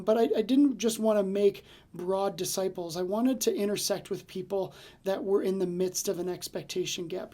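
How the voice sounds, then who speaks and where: A man's voice: high voice, warm tone. A man hosting a casual devotional podcast, telling stories in a chatty way with many fillers and restarts. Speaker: podcast host and ministry leader.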